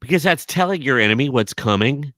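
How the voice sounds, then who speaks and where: A man co-hosting a comedy podcast, joking and acting out quotes in an animated way. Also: medium pitch, fairly quick, no room sound, studio quality. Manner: animated joker, acts out quotes. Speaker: podcast co-host. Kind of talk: casual chat.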